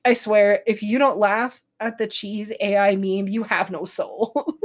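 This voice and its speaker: A woman's voice: medium pitch, steady tone, unhurried. A woman co-hosting a podcast, joking playfully in casual chat and breaking into laughter. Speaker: podcast co-host.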